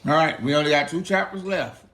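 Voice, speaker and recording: A man's voice: fairly high pitch, brisk, very noisy. A man casually retelling a Bible story to a child in a playful, slangy, chatty way. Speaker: parent reading the Bible to a child.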